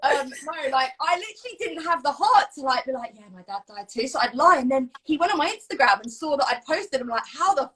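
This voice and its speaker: Young woman coach, slightly high, frank and sweary, fast talker. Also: lively intonation, sharp tone. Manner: blunt, frank, swears freely, laughs often. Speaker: fitness coach, live-stream host. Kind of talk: casual chat. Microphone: phone, live stream.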